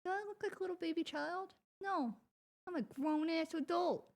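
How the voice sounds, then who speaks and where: A woman livestreaming a role-play game, chatting casually and excitably, swearing freely as she goes. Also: very high voice, normal speed, poor audio.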